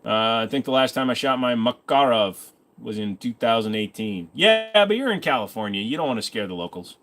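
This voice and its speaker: A man's voice: mid-range voice, expressive, fairly bright tone. A man hosting a casual livestream, reading viewer comments and answering them in a rambling, offhand way. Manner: rambling, offhand, quick asides. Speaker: streamer host.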